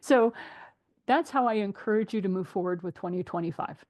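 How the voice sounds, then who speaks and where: A middle-aged woman hosting a casual group chat, telling animated stories and laughing often. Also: mid-range voice, brisk. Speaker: host.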